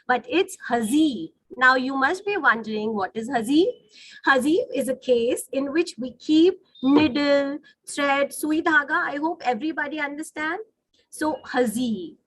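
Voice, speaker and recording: A woman's voice: high voice, bright, forceful tone, dry recording, poor audio. A woman teaching phonetics in an online webinar, patiently correcting pronunciation and often checking that the class follows. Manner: patient, corrects words slowly with repeated checks. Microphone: video call.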